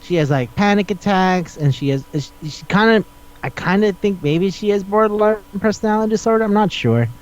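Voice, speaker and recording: A man's voice: high voice, lively intonation, brisk, dull audio. A man hosting a casual podcast chat, rambling and swearing as he retells scenes and acts out the dialogue. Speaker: podcast host.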